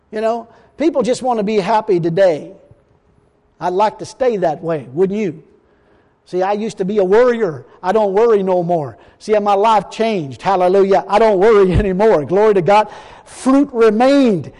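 A man preaching a folksy, emphatic sermon, slowing down to quote scripture. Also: high voice, a little mellow, in a large hall.

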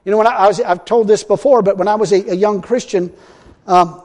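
A man preaching a sermon in a folksy way, repeating himself and swinging between loud and hushed. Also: high voice, fairly even intonation, brisk. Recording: long hall reverb.

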